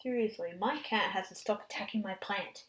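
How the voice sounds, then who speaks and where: A woman with an Australian accent casually reading out facts in a chatty, excitable way, sometimes dropping into whispered asides. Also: mid-range voice, brisk, husky. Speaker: fan channel host. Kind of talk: casual fact-reading vlog.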